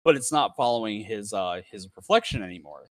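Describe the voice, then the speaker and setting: A man telling a story in casual chat among friends, relaxed and swearing freely. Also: fairly low pitch, a little fast, no echo.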